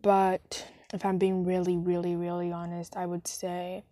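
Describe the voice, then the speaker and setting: Slow-talking young woman podcasting on a phone. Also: on the low side, completely flat delivery, dark tone, no echo, clean studio sound. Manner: rambling, self-deprecating, chatty. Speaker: podcast host. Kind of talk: casual solo podcast monologue. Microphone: phone voice recorder app with wired headphones.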